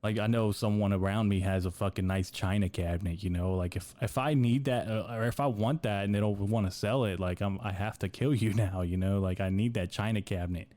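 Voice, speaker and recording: A man's voice: fairly low pitch, steady tone, a little fast, few pauses, warm tone, no echo. A young man from the United States hosting a podcast, rambling through a crude, profane comedic monologue full of dude and bro. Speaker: podcast host.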